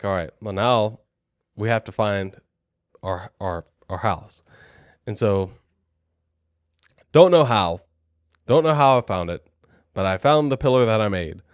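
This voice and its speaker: A man's voice: lowish voice, clean tone, dry recording, clean studio sound. A young adult man co-hosting a podcast, telling a story in a chatty, rambling, self-deprecating way. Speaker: podcast co-host.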